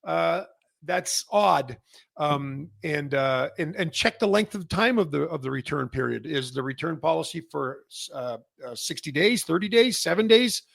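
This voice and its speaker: A man's voice: on the high side, animated, unhurried, gravelly, a bit bright, no echo, clean studio sound. A middle-aged man from Canada hosting a casual industry update, rambling with many restarts and fillers. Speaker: massage chair retailer and host.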